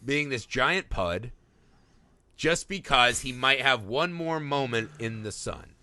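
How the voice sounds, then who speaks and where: A man co-hosting a film podcast, talking in a casual, animated way and laughing as he acts out lines from the movie. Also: mid-range voice, slow. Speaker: podcast co-host.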